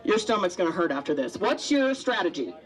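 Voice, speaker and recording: Emceeing a live eating contest at a busy restaurant event, a woman speaks into a handheld mic, bubbly and joking as she chats with the contestants. Her voice is fairly low with big pitch swings, and she talks a little fast. The audio quality is poor.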